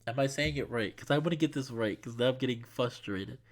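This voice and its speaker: A man reading a visual novel aloud, animated and easily flustered, stumbling over a character's name. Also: medium pitch, brisk. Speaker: game reader.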